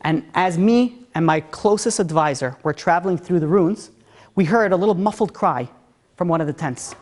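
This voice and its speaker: A man voicing a stern, serious king speaking gravely and measured. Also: sits high, darkish tone.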